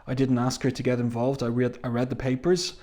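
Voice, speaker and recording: A man's voice: mid-range voice, level tone, fairly quick, warm tone, natural voice. A man reading the lines of a despairing adult male writer, in his own voice. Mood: anguished.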